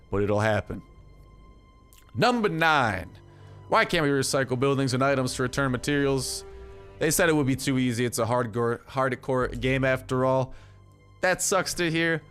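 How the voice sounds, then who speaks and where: A man's voice: mid-range voice, a bit bright, clear, resonant tone. Rambling young man talking over gameplay. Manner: rambling, filler-heavy, jokey. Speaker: gaming YouTuber. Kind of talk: casual gameplay commentary.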